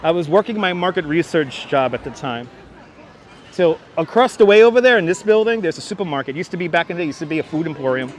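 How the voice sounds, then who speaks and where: A Brooklyn-accented man with a slightly high voice talks quickly and animatedly while hosting a walking-tour livestream outdoors in the city. He chats with viewers and thanks them by name, speaking into a wireless clip-on mic as faint city traffic carries on in the background.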